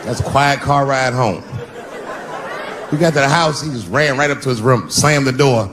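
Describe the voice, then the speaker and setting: A man telling stand-up stories on stage, animated, swinging between shouts and low mutters. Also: normal speed, some chatter behind. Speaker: stand-up comedian. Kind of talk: stand-up storytelling. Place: stage before a live audience. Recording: live stage recording with background noise.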